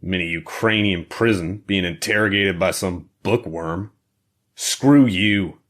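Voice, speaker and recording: A man voicing a drugged, defiant male smuggler who mumbles his words slowly and strained. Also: low-pitched, fairly bright tone.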